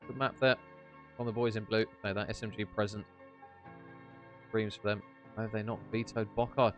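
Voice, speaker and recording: A young man giving live esports play-by-play as a caster, chatty and quick to banter between rounds. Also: fairly low pitch, steady tone, faint music behind.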